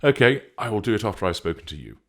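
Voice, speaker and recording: A man's voice: on the low side, very animated, fast talker, fairly bright tone, pitched above the performer's own voice. A man reading a story, voicing a worried, protective man asking earnest questions on the phone. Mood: concerned.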